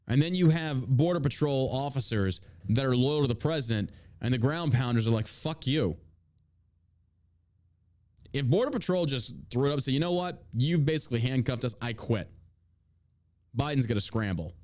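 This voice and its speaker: A man's voice: mid-range voice, expressive, brisk, a little mellow, no echo. A man hosting a show, delivering profane, combative and mocking political commentary. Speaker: podcast host.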